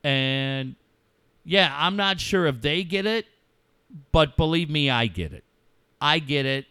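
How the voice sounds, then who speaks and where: A middle-aged man hosting a radio talk show, speaking about a personal loss in a heartfelt, halting way and swearing freely. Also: on the high side, animated, pushed and bright, clear, resonant tone, no room sound. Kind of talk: emotional casual talk.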